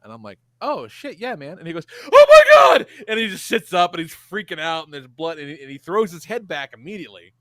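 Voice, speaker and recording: A man's voice: on the high side, sing-song, quick pace, few pauses, fairly bright tone, dry recording. A man co-hosting a podcast, telling a rambling story with lots of swearing and laughter. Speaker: podcast co-host. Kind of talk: casual podcast chat.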